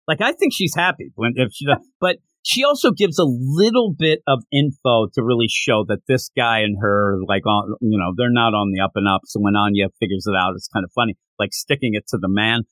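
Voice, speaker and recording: A man's voice: mid-range voice, fairly quick, hardly any pauses, no room sound. A man co-hosting a podcast, recapping a manga chapter in casual chat and acting out the characters' lines as he goes. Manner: animated, acts out characters' lines mid-story. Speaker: podcast co-host.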